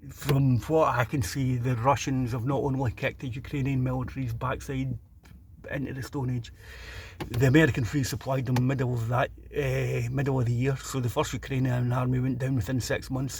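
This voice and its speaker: A man's voice: mid-range voice, level tone, brisk, gravelly, a little mellow, slight background noise. A middle-aged Scottish man delivering a blunt, ranting opinion monologue, stumbling over repeated restarts. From Scotland. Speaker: vlogger.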